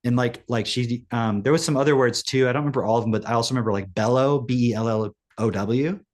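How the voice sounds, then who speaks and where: A man in a casual reaction chat who gets animated, jumping up in pitch as he makes a point and swearing offhandedly. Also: quick pace. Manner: animated, rises sharply in pitch when making a point; swears casually, rhetorical questions. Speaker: co-host.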